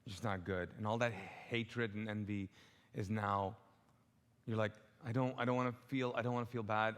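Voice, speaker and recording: A man preaching a sermon as a pastor, animated and humorous, asking the congregation to call out answers. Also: mid-range voice. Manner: tells humorous stories with acted-out quotes. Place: church auditorium. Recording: long hall reverb.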